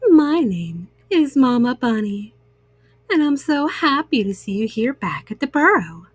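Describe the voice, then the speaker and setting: A woman reading bedtime stories aloud to young listeners, gentle and soothing. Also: fairly high pitch, sing-song, measured pace, dry recording. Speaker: storyteller.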